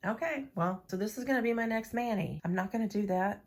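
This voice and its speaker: A woman's voice: mid-range voice, fast talker. A woman vlogging about nail art in a casual, playful, chatty way, talking to herself as she works. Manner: chatty, playful, talks to herself while working. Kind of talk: casual chat to camera.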